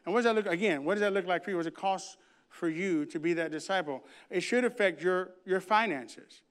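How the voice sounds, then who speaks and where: A man's voice: high voice, brisk, a bit bright, clear, resonant tone. A man preaching a sermon, telling a funny family story and acting out the dialogue before turning to scripture. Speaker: pastor.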